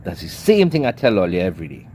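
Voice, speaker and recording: A man's voice: deep voice, huge pitch swings, quick pace, dark tone, a little hiss or hum. A man giving a scolding, preacherly commentary rant. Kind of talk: ranting commentary monologue.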